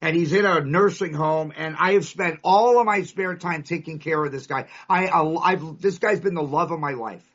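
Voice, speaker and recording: At a recovery meeting, a man from California shares his story with a live audience, emphatic and driving points with punchy lists. His voice is a little high and a bit bright, at a moderate pace with few pauses; the recording is dull and lo-fi.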